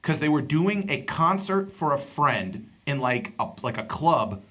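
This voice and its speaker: His voice is fairly high and his pace measured as this podcast host and comedian chats his way through a story. He animates it by acting out the people who appear in it.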